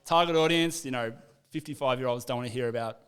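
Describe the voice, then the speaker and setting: A man's voice: medium pitch, fast talker, fairly bright tone, clean tone. A young Australian man, a rapper guest on a podcast, telling stories in a profane, laid-back chat. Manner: profane, laid-back storytelling with acted-out quotes. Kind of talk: casual storytelling chat.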